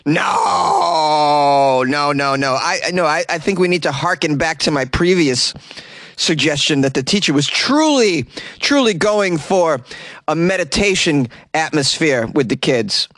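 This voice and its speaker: A man's voice: a little high, very animated, a little slow, fairly bright tone, dry recording. A man hosting a comedy news podcast, reading stories and breaking in with sarcastic, mock-outraged jokes and frequent laughs. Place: small closet.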